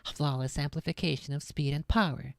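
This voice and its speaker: A woman's voice: low voice, fairly quick, creaky, dry recording, clean studio sound. A woman voicing a confident woman soldier. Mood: assured.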